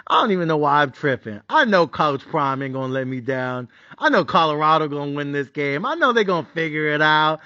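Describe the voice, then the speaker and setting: A man hosting a sports betting podcast, ranting in a swearing, repetitive and animated way. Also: a little high, normal speed, few pauses, no echo. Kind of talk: profane ranting monologue. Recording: dry, dull lo-fi sound.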